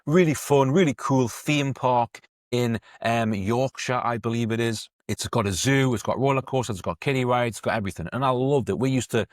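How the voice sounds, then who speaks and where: A man's voice: mid-range voice, a little fast, no room sound, clean studio sound. A man, an eating coach telling a story in a chatty, conversational podcast monologue. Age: 30s.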